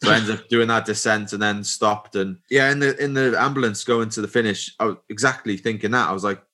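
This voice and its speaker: Low-voiced man telling cycling stories. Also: brisk. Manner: relaxed storytelling with many fillers. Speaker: professional cyclist guest. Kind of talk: casual interview chat.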